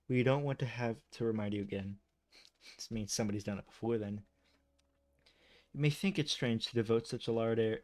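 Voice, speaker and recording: A man's voice: fairly low pitch, darkish tone. A man reading game lore aloud, tripping over words and breaking off into chatty, self-deprecating asides. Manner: stumbles over words and restarts often. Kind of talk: reading aloud with casual commentary.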